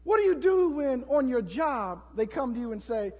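A man preaching a sermon as pastor, building to shouts and acting out prayers to the congregation. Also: extremely high pitch, big pitch swings, normal speed, few pauses, long reverb tail.

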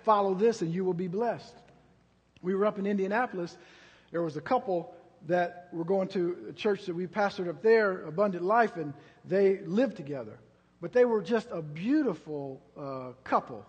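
Husky high-voiced preacher in a big hall. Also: male voice, muffled recording. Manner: shifts from quiet storytelling to loud slow preaching. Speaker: pastor. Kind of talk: sermon.

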